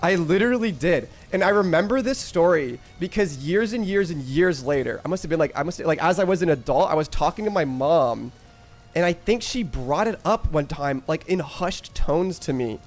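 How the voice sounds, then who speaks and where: A man's voice: a little high, expressive, normal speed. A man streaming live, telling a rambling story to his chat, swearing freely and often breaking into laughter.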